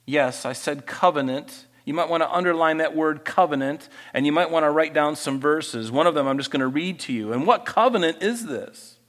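A pastor preaching with lively energy, his voice sitting a bit higher than most men's. He moves between reading scripture aloud and acting out the voices of the people he talks about. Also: moderate pace, hardly any pauses. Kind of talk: sermon.

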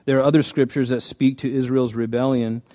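Folksy preacher man, mellow and dry. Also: mid-range voice, little pitch movement, fairly quick, no echo. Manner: folksy, storytelling, many restarts. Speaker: pastor. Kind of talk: conversational sermon.

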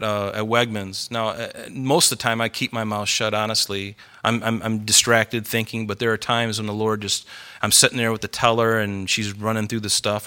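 A middle-aged man preaching a sermon in an earnest, conversational storytelling way, growing animated as he goes. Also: on the low side, smooth. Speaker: pastor.

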